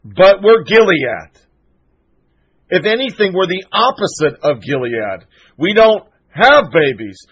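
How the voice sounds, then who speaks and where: This is a male show host talking alone on his program, with a noticeably high voice. He rants with heat, swears freely and slips into sarcasm as he riffs. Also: very animated, takes it slowly, husky, muffled recording. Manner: fired-up, profane, sarcastic ranting. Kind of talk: solo political commentary monologue.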